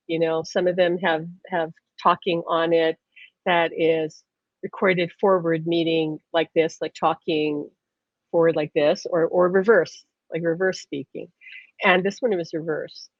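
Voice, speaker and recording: A woman hosting a live stream, telling stories in a lively, casual way and laughing often. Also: fairly low pitch, no echo. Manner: animated storyteller, laughs often. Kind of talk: casual chat. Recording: dull lo-fi stream audio.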